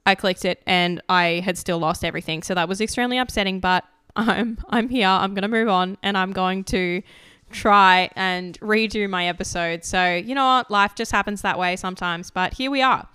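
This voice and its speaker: Aussie woman chatting on her podcast, bit croaky from being sick, swears a lot, super clear voice, dry close sound. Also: medium pitch, normal speed, bright, forceful tone, dry recording. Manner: chatty and candid, swears freely. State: slightly croaky from illness. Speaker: podcast host. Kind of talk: casual chat.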